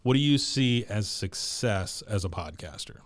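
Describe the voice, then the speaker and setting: Podcast host guy asking questions, kinda low voice, dry no-room sound. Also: lively intonation, normal speed, no room sound. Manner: friendly, chatty, asks personal questions. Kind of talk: casual interview chat.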